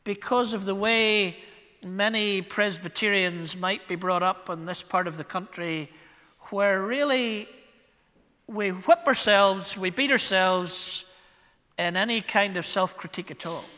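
A Northern Irish man preaching in a church, his bright, high voice carrying a long reverb through the hall. He delivers the sermon wryly and with a self-deprecating touch, leaning hard on some words and dropping low on others. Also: measured pace. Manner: wry, self-deprecating, varied emphasis. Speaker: pastor.

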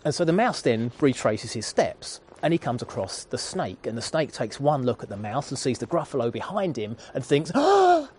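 A man's voice: medium pitch, animated, moderate pace, hardly any pauses, darkish tone, a little hiss or hum. Earnest male preacher telling a story. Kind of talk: sermon.

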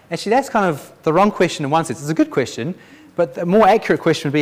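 His voice is a little high, animated, and rapid-fire as this preacher recounts his Christian testimony. He brings the story to life by voicing its characters, often breaking off to restart what he's saying.

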